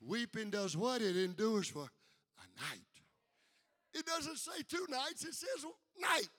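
An older man preaching a fiery sermon, building from quiet talk to shouted peaks and calling out for responses. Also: extremely high pitch, very animated, slow pace, some chatter behind. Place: church sanctuary with congregation. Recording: live hall with long reverb.

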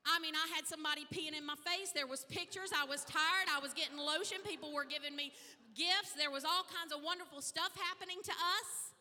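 Woman pastor, high and very bright voice, animated storyteller, reverberant hall. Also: fairly quick, soft background music. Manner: animated storytelling, acting out dialogue. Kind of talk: testimony sermon.

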